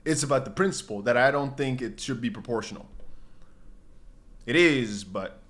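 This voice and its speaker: Young male streamer, casual and rambling, with a lively up-and-down pitch. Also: moderate pace. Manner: animated, rambling, jumps into mock voices and exclamations. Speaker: crypto livestream host. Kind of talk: casual livestream chat, reading viewer comments.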